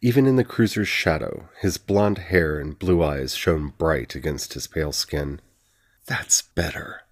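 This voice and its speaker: A man narrates a fantasy novel as an audiobook. His voice sits low and sounds husky. He reads evenly and steadily. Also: moderate pace.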